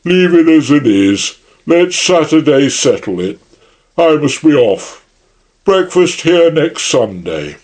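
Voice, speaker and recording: A man's voice: fairly high pitch, sing-song, slow pace, darkish tone, voice pushed up, full character voice. A man voicing a huge male anarchist chief who is genial yet menacing, speaking in a grand, mock-friendly way. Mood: breezy.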